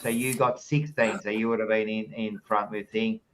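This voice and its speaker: A man's voice: on the low side, little pitch movement, normal speed, fairly bright tone, slight background noise. An Australian man hosting a sports podcast in casual chat, blunt and laughing a lot, swearing freely. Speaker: podcast host. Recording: dull lo-fi sound.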